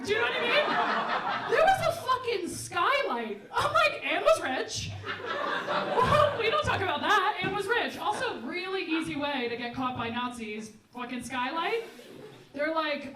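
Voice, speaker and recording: A young woman doing stand-up crowd work, brash and quick, laughing between jokes. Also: high-pitched, animated, very noisy. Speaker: stand-up comedian. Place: comedy club stage before a live audience. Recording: roomy live mic from a distance, loud crowd.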